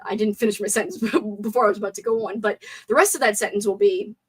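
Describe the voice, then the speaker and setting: A woman hosting a casual live stream movie chat with a sore throat. She is chatty and excitable, and reads viewer comments aloud. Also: mid-range voice, fast talker, slightly rough, low-quality recording.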